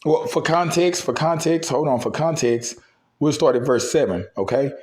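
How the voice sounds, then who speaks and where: Bible teacher, male, voice a bit worn, slightly higher pitch, casual and loose delivery. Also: a little mellow, husky. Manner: loose and conversational, drops verbs, reads scripture slowly. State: losing his voice. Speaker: religious teacher.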